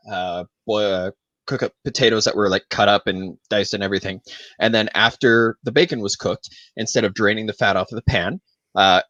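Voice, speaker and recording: A man with a lowish voice chats on a podcast and tells a loose, meandering story packed with ums and likes. The sound is dry and close, with no room echo. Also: a bit bright, muffled recording. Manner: rambling, filler-heavy storytelling. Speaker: podcast co-host. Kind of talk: casual chat.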